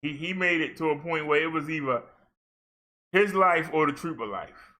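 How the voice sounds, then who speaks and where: A man, a minister on a livestream, giving blunt casual commentary over clips he plays and apologizing quickly to viewers. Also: a little high, sharp tone.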